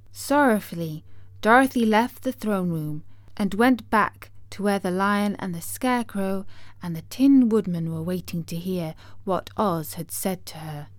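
A woman narrating a storybook aloud in a measured, gentle storytelling manner. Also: mid-range voice, dry recording. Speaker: audiobook narrator.

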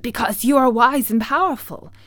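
A woman's voice: fairly high pitch, moderate pace, a bit bright, dry recording, studio quality, faint music behind, pitched above the performer's own voice, close to an everyday voice. Scarecrow, a woman voicing a humble straw man. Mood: earnest. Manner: earnest, humble pleading. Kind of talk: audiobook reading.

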